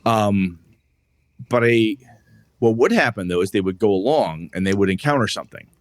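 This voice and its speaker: A man's voice: lowish voice, no echo, studio quality. A man hosting a talk show, casually telling tabletop game stories and acting out his friends' lines. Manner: animated, acts out friends' lines in quick voices; loose, rambling with fillers and asides. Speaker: podcast host and game master. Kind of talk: casual storytelling about tabletop games.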